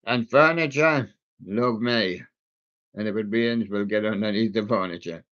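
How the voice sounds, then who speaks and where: A man hosts a live music stream in an unhurried, drawn-out way, making jokes and puns about the songs. His voice comes through dull and lo-fi. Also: on the low side, a bit bright. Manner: jokey, punning on song titles. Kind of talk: playful music chat. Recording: dull lo-fi sound.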